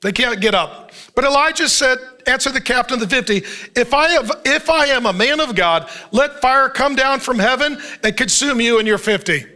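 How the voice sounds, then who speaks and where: A male pastor preaching with a strikingly high voice that swoops lively up and down. He tells the story with animated humor and frequent chuckles. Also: normal speed. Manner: chuckles often while preaching. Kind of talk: sermon.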